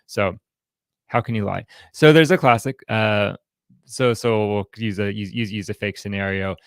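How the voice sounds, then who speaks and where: Gravelly low-voiced man teaching haltingly. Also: no echo, studio quality. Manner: halting, with frequent restarts and repeated words. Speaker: counselor leading a group. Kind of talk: informal teaching talk with role-played examples.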